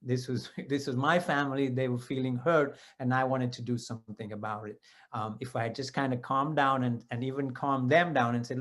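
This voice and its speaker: Man, fifties, mid-range voice, personal storytelling talk, conversational, self-correcting. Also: mid-range voice. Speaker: devotee sharing personal experiences.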